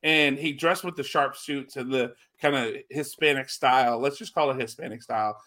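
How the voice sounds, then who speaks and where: A man co-hosting a casual wrestling podcast, talking in a rambling, animated way with lots of restarts. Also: medium pitch, moderate pace. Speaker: podcast co-host.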